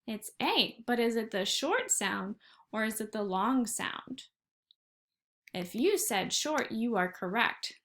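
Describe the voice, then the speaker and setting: A woman guides first graders through a phonics lesson in a slow, deliberate way, pulling each sound apart so small children can follow. Her voice sits a little high and stays patient and encouraging. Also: a bit bright. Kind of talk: recorded online phonics lesson.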